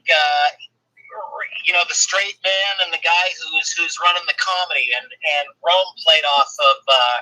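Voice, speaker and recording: Bright-voiced man rambling over a call. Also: a little high, low-quality recording. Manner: rambling with many fillers and restarts. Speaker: guest. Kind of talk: casual chat.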